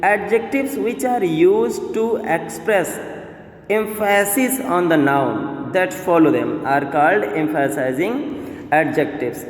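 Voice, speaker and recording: A man teaching a grammar lesson, explaining slowly with repeats and fillers. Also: a little high. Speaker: English teacher. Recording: echoey room with long reverb.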